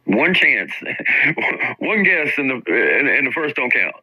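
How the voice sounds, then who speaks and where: A man's voice: mid-range voice, sing-song, takes it slowly, pushed and bright, poor audio. A man hosting a stream, ranting with mocking, profane commentary about other people. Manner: combative, mocking, swears constantly. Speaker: streamer host.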